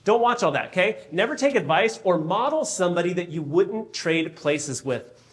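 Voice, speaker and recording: A man's voice: high-pitched, normal speed. A man, a real estate coach, giving a keynote talk and acting out conversations with raised voices. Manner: animated storyteller, acts out dialogue in raised voice.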